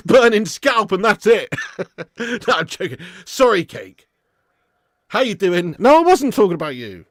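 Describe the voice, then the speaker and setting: A man's voice: sits high, very animated, unhurried, no room sound. A man hosting a live football watch-along stream, joking with chat in slangy banter and laughing often.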